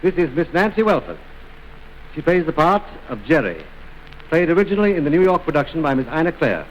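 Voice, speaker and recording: A courtly man presents a film's cast in formal stage speech, his pitch rising and falling with lively movement. His voice sits a little high. Faint hiss lies under the old recording. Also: fairly quick, dull audio. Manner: courtly, politely mock-scolding. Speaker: trailer presenter.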